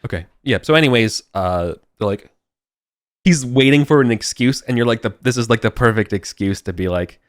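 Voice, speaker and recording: A man's voice: mid-range voice, normal speed, dry recording, studio quality. A man narrating a tabletop game as game master, rambling and restarting his sentences. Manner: rambling, many fillers and restarts.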